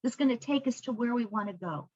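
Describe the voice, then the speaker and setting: A woman's voice: on the high side, expressive, fast, a little mellow, slightly rough, muffled recording. A woman book coach telling stories and teaching, acting out bits of dialogue over a video call. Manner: storytelling, acts out dialogue. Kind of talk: conversational teaching.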